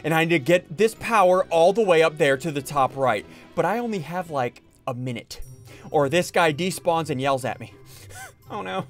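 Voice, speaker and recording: A man with a high, bouncy voice gives play-by-play commentary on his own game, swinging between quick chatter and frantic yelps. His pitch leaps all over the place as he reacts, and faint music plays behind him. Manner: excitable, narrates his own moves, yelps and shouts when panicking. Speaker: gaming video host. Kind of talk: Minecraft let's-play commentary.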